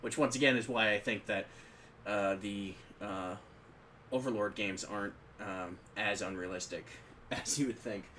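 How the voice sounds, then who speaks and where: A man's voice: on the low side, a little slow, sharp tone, slight background noise. A man co-hosting a podcast, talking about tabletop games in a rambling, conversational way with frequent restarts. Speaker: podcast co-host.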